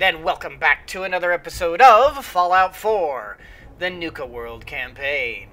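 A let's play host giving rambling gameplay commentary, full of fillers and excited exclamations. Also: mid-range voice, unhurried.

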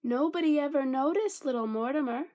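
A woman reading a children's picture book aloud with an expressive, lilting storytelling manner. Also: high-pitched, a little fast.

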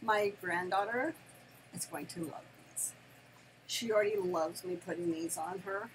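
An older woman and grandmother chatting casually through an unboxing, gushing and excitable, laughing often and squealing with delight at home. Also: fairly low pitch, measured pace, slight background noise, low-quality recording. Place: home, near her desk.

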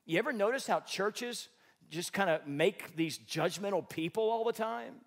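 A male pastor preaching a sermon, animated, swinging between loud emphatic bursts and soft asides, joking with the congregation. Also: high voice, moderate pace.

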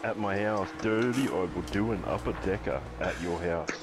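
A man's voice: sits low, moderate pace, very noisy. A man with an Australian accent in a gaming party chat, making crude, blunt jokes.

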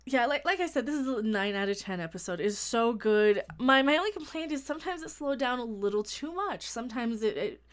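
Gushing, excitable woman reviewer. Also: a little high, a little fast, few pauses. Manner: gushing, animated, many restarts and "oh my God". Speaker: TV episode reviewer.

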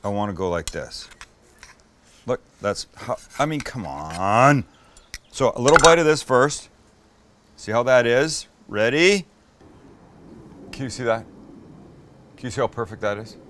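Excitable man hosting a cooking show. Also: medium pitch, a little slow, pauses often, slight background noise. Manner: enthusiastic, swears, talks to camera while eating. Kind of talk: casual cooking demo with tasting.

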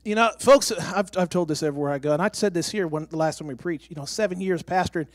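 A man's voice: a little high, quick pace, dry recording. A man, a missionary and former pastor, giving an emphatic and emotional testimony in church, close to tears. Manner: excitable, emphatic, breaking toward tears. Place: church sanctuary.

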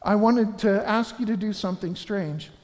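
A man's voice: sits high, moderate pace. A man giving an earnest funeral homily in a church, telling stories and often restarting his sentences. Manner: earnest, anecdotal, frequent restarts. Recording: reverberant church.

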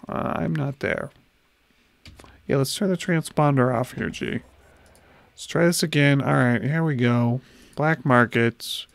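A man's voice: mid-range voice, creaky, no room sound. A man in his thirties livestreaming a space game from home, chatting casually with his viewers as he plays into a desk mic. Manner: chatty, talks to chat while playing. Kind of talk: casual gameplay livestream chat.

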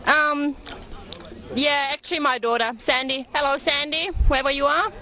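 German-accented visitor, high and bright. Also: steady tone, moderate pace, slight background noise. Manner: brief, friendly answers. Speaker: festival visitor.

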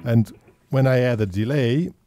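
A man's voice: mid-range voice, unhurried, warm tone. A man giving a guitar lesson, patiently explaining step by step in simple phrasing. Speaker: guitar teacher. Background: guitar playing and backing track.

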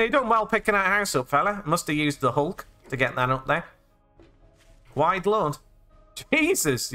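Pushed and bright at a medium pitch, the voice belongs to an English gaming channel host doing a let's play. He describes his actions in the game after the fact, in past tense, with a playful, joking manner.

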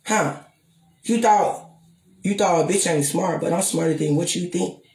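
A woman's voice: fairly low pitch, a little slow, darkish tone. Profane, taunting woman ranting in an echoey room. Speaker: vlogger. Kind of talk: angry vlog rant addressed to a rival and viewers.

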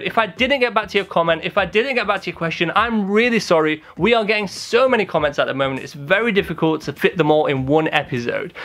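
Upbeat man, slightly high voice. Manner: upbeat and energetic. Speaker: pharmacist host. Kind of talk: casual YouTube comment-response chat.

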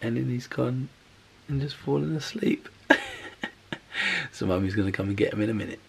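A man's voice: medium pitch, moderate pace, vocal fry, slightly rough. A man in his thirties hosting a casual family vlog, playful and joking. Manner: playful, jokey, baby-talk to his son. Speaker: vlog host, father.

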